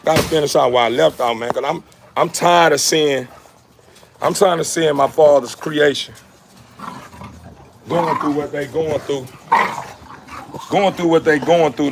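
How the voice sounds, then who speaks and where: Man, high pitch, gravelly, preachy repetitive motivational talk, faint background hiss. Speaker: dog breeder vlogger. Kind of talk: casual motivational talk to camera.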